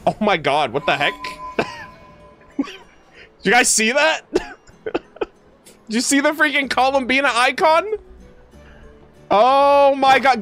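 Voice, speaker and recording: A young man streaming his reaction to a game, emotional and exclaiming loudly as the story plays out. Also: very high-pitched, lively intonation, slow pace, pauses often, no room sound, soft background music. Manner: emotional, loud exclamations and swearing. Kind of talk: excited gameplay reaction.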